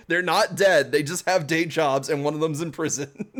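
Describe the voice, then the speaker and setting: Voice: medium pitch, fairly bright tone. A game streamer giving casual let's-play commentary, chatty and rambling, often breaking into laughter.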